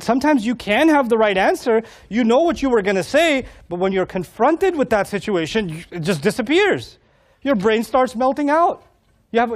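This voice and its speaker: A man preaching to a live audience in a humorous, animated way, acting out dialogue and laughing often. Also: extremely high pitch.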